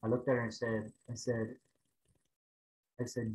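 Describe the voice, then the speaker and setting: A man preaching over a video call, telling a personal story in an animated way and raising his voice for the prayers. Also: medium pitch, a little slow, pauses often, echoey room, low-quality recording. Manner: animated storytelling, rising to loud exclaims when acting out prayers. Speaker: pastor.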